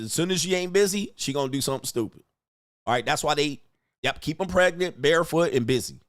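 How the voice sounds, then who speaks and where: A livestream host of average pitch reads donations and viewer messages aloud, ranting bluntly and crudely in between on his casual stream. The recording is close and dry, without any room sound.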